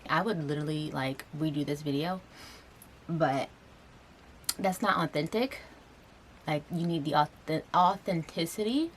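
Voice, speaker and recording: A woman's voice: sits low, a little slow, pauses often. A young woman in her twenties talking to camera in a personal vlog, earnest and rambling, with lots of fillers and restarts, tearful as she speaks. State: tearful, getting emotional. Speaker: vlogger. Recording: faint background noise.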